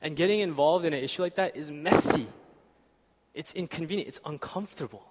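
Young male preacher, casual chatty delivery, slightly high voice, reverberant church hall. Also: a little fast. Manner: conversational, asks "right?" often. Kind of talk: sermon.

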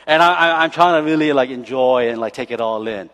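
A man preaching a sermon as pastor, animated and joking, often checking in with the congregation by asking "okay?" and "right?". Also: medium pitch, fairly quick. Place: church sanctuary. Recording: long church hall reverb.

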